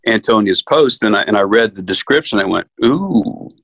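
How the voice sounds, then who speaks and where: A man from New York, an actor, telling stories in a casual interview, acting out quotes with lively energy. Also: on the low side, fast, vocal fry, no room sound. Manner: animated storyteller, acts out quotes. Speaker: actor guest.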